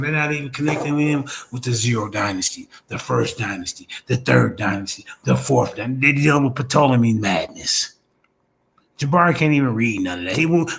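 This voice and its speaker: A man's voice: mid-range voice, a bit bright. A man hosting a livestream, ranting in a combative, profane, trash-talking way. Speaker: streamer host. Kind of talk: heated livestream rant.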